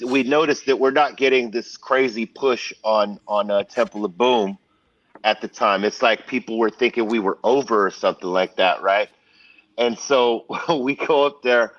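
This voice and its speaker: A middle-aged man telling a casual story as a guest, in an animated way, swearing and restarting often. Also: medium pitch, a little slow, no room sound. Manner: animated, profane, full of restarts. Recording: dull, slightly distant, dry sound.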